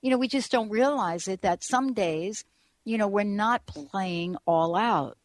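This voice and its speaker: A woman's voice: mid-range voice, measured pace, no echo. A woman hosting a talk radio show, chatting casually and rambling with frequent restarts.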